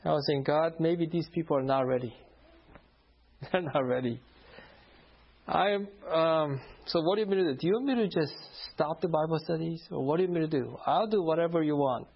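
A male pastor tells a story from his own ministry, laughing often and playing each voice in it. His voice sits a little high with a gravelly, husky edge. The recording is dull and lo-fi. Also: brisk. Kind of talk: sermon storytelling. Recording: dull lo-fi sound.

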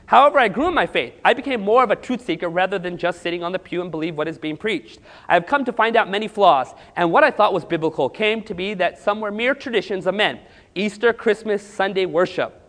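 High-voiced animated pastor in a hall. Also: male voice, a little fast. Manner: animated storytelling with acted dialogue. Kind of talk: sermon.

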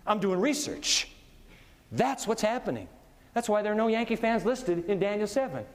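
A man preaching a sermon in a lively, conversational style, chuckling often as he goes. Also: high-pitched, moderate pace, background noise. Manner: animated, conversational, laughs often. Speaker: pastor. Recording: long reverb of a big hall.

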